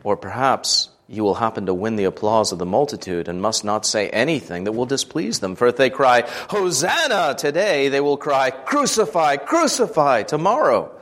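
A man giving a scripted devotional reading, measured and earnest, lifting his voice for quoted speech. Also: lowish voice, lively intonation, a bit bright. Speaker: devotional reader.

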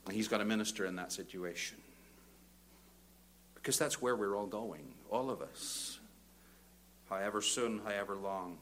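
An older man, preaching a sermon that moves from quiet reflection to loud, fervent exhortation. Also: lowish voice, normal speed, pauses often, a little hiss or hum. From Northern Ireland.

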